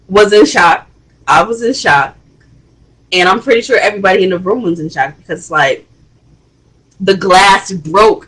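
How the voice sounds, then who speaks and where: A woman hosting a casual reality TV review, chatty and expressive, with rising exclamations. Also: medium pitch, slightly rough, rough recording. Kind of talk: casual commentary.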